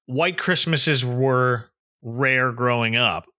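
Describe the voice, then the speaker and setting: Brief: male podcast host from southern New Jersey, chatty recapper, bright, crisp tone. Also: medium pitch, slow. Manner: chatty, recaps scenes and acts out quotes. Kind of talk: casual chat recapping a cartoon episode.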